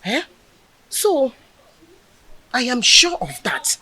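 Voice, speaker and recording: Casting: a calm Nigerian wife, slow, breathy, animated pitch. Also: female voice, no room sound, full character voice. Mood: reassuring. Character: reassuring traditional mother, confident.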